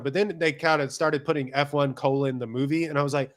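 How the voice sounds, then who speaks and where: A man's voice: fairly high pitch, steady tone, fairly quick. A man co-hosting a podcast in casual chat, rambling and searching for words. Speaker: podcast co-host.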